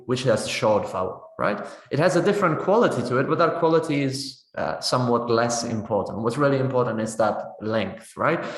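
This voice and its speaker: This reverberant clip features a man of medium pitch giving a webinar teaching demonstration. His topic is pronunciation for teachers, which he explains stepwise while regularly tossing in "right?" to check on his audience.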